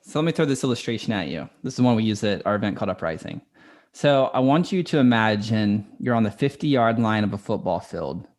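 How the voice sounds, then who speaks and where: A man's voice: lowish voice, animated, brisk, a little mellow. A man who works as a coach, talking casually and earnestly as a podcast guest. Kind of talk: conversational podcast interview.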